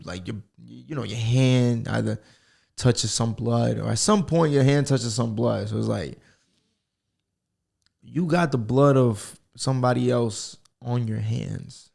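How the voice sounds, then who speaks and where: A man's voice: medium pitch, vocal fry. A young man hosting a solo comedy podcast, rambling and profane and laughing at himself. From United States. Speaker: podcast host. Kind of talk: casual solo podcast monologue.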